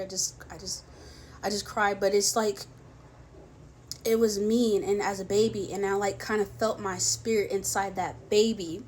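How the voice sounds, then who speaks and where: A young woman shares a heartfelt personal faith testimony, speaking softly and haltingly. She pauses often and restarts her sentences, and she sounds close to tears in places. A faint hum of noise runs underneath. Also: mid-range voice. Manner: soft, halting, many fillers and restarts, tearful at times. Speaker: vlogger sharing a faith testimony. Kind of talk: personal testimony, emotional storytelling.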